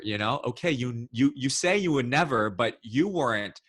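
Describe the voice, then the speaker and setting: A man as a podcast guest, telling personal stories in an animated, expressive way. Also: medium pitch, moderate pace, breathy edge, no echo, clean studio sound. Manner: animated, expressive, acts out quoted voices. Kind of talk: casual storytelling interview.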